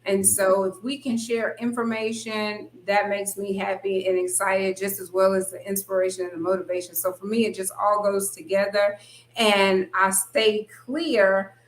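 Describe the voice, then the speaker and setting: Casting: talkative host, mid-pitched woman, echoey room. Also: level tone, normal speed. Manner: chatty, reads viewer comments aloud. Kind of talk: casual live-stream chat.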